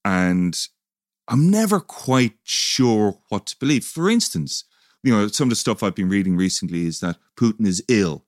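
A man's voice: on the low side, animated, dry recording, studio quality. A man co-hosting a podcast, curious and questioning in casual chat. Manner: curious, questioning, quick to agree. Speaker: podcast co-host.

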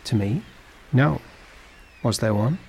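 A man's voice: medium pitch, animated, slow, creaky, a little mellow, slight background noise, low-quality recording. A man reading a storybook and voicing a kindly, fatherly shipowner who asks questions. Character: male shipowner, warm and fatherly employer.

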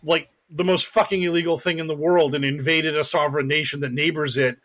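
A young man co-hosting a casual podcast, his voice sitting a little high. He rambles through stories, jokes as he goes and laughs a lot. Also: steady tone, a little fast, a bit bright. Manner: rambling, jokey, laughs often. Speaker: podcast co-host.

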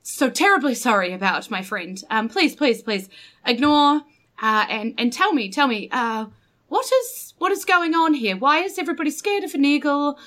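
A woman's voice: high voice, animated, normal speed, a bit bright. A woman voicing a charming, apologetic male bird adventurer who talks in a flustered rush.

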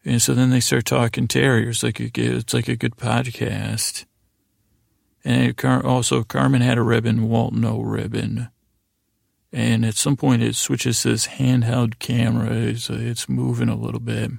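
A man with a heavily gravelly, fry-laden voice meanders through a bedtime story recap, stopping for asides and correcting himself as he goes. His pitch barely moves, staying level and unhurried, and the sound is close and dry. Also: flat delivery, no room sound. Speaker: sleep podcast host.

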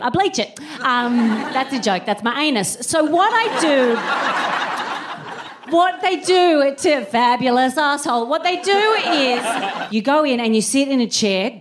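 A woman's voice: fairly high pitch, noisy background. A woman in her thirties performing a live stand-up routine, telling comic stories and breaking into bursts of scat singing. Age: 30s. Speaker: comedian.

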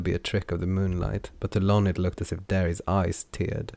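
Deep gravelly man narrating a fantasy audiobook. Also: level tone, moderate pace, hardly any pauses, mellow, no echo.

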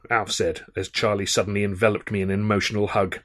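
A man's voice: lowish voice, little pitch movement, fast, few pauses, a bit bright. A man reading his own novel aloud in a wry, understated storytelling manner. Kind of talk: audiobook narration.

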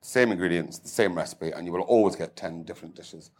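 Talking fast in a low-pitched voice, an older chef and cookery writer gives a conversational interview full of enthusiasm and self-mocking humour.

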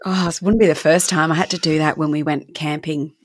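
A woman's voice: low voice, fairly even intonation, fairly quick, dry recording, clean studio sound. A woman co-hosting a casual chat, easygoing, agreeable and wry. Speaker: podcast co-host.

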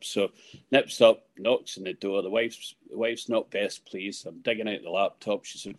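A Scottish man in his sixties with a fairly low voice tells a long story as a podcast guest. He rambles, doubles back and restarts his sentences, and keeps adding asides as he goes. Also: steady tone, moderate pace. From Scotland. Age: 60s. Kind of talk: anecdotal storytelling.

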